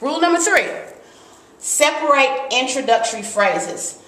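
Woman teaching grammar, bright voice, echoey room, lively and emphatic. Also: sits high, unhurried. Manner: lively, emphatic, reads examples aloud. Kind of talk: grammar lesson.

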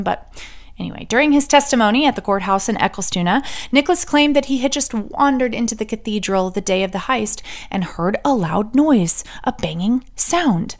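A woman hosting a true crime podcast, telling the story with sarcastic asides and the odd whispered joke. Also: medium pitch. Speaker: podcast host.

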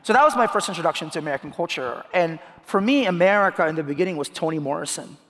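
Man from the Philippines, fairly high voice, animated onstage talk, long hall reverb. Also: fast. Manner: animated, laughs often, repeats words when restarting. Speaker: guest speaker. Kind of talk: onstage interview. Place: large hall on stage.

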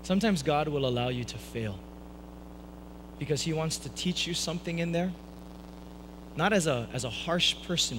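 A young man preaching a sermon, telling a personal story with animated delivery and acting out the voices of the people in it. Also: on the high side, moderate pace, pauses often, noisy background. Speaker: pastor. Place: church hall, live stream.

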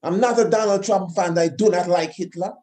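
High mellow man preaching emphatically. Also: fairly quick. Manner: emphatic, repetitive, rhetorical questions. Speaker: host of his own channel. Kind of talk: impassioned monologue.

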